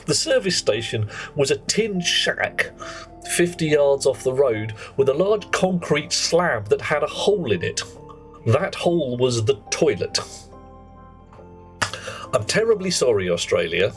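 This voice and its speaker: A man's voice: medium pitch, big pitch swings, unhurried, faint music behind. A man, chatting jokily on a live game stream and reading viewer names aloud. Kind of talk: live gameplay stream chat.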